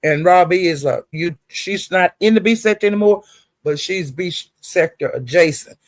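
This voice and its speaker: A woman livestreamer telling a story in an animated, profane, emphatic way. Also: on the low side, moderate pace, no echo. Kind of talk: casual storytelling rant.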